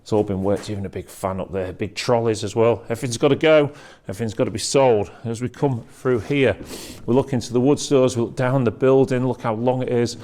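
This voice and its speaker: A man's voice: mid-range voice, steady tone, brisk, few pauses, dark tone. A man giving a chatty walking tour of a large industrial workshop, pointing out items to be auctioned. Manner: chatty, pointing things out on the move.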